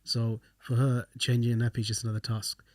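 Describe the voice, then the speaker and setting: Fast-talking man, dry close sound. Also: mid-range voice, level tone, no room sound. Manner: explaining and reassuring, like an experienced father. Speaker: podcast co-host. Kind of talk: casual chat.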